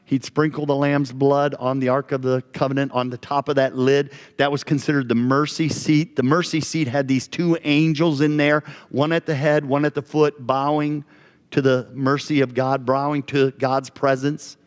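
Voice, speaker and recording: A man's voice: mid-range voice, little pitch movement, moderate pace, clean tone. A male pastor preaching a sermon in a conversational way, asking his congregation questions. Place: church sanctuary. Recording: long church reverb.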